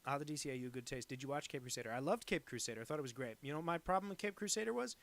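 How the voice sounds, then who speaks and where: Rapid-fire and expressive, this man has a mid-range voice with a fairly bright tone. As he sketches viewer requests live on stream, his casual talk drifts from tangent to tangent, packed with fillers and jokes at his own expense.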